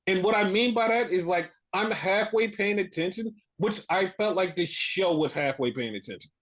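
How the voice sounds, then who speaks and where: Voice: medium pitch, expressive, normal speed, a bit bright. A podcast co-host ranting in exasperation through a casual wrestling recap, swearing often. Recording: dull lo-fi sound.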